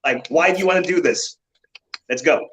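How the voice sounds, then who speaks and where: A man's voice: fairly high pitch, normal speed, fairly bright tone, a little hiss or hum, rough recording. A man, a fitness coach, talking about his coaching approach with confident emphasis and frequent restarts. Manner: confident, emphatic, repeats words when starting. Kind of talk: panel talk.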